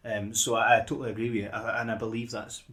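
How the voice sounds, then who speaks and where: A man's voice: medium pitch, flat delivery, fast, fairly bright tone. A man co-hosting a casual podcast about films, rambling and repeating words as he works his way to his point. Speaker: podcast co-host. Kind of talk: casual film discussion.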